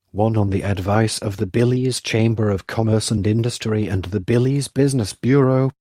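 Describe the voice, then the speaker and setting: A man giving a flat, formal scripted reading of names and government titles. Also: on the low side, dry recording, clean studio sound.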